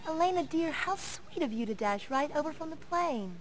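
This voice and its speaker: A woman's voice: high-pitched, animated, normal speed, soft background music. An actress playing a catty, sweetly sarcastic young woman in a 1990s game video. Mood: mocking.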